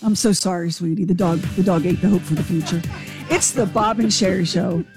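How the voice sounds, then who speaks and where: A woman's voice: fairly low pitch, fairly quick. A woman co-hosting a radio show, chatty and teasing in casual talk. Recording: radio show with music underneath.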